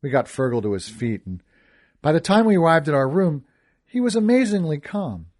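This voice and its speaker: A man tells a first-person story with an animated, rising and falling pitch. His tone is expressive, and he turns wry and joking in his own character's lines. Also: moderate pace. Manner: expressive, wisecracking in dialogue. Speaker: audiobook narrator. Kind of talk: first-person audiobook narration.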